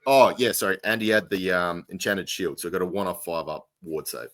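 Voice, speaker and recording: Male podcast co-host, very low voice, rambling casual delivery, dry close sound. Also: fairly quick, a bit bright, no echo. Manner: rambling, lots of fillers and restarts. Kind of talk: casual chat.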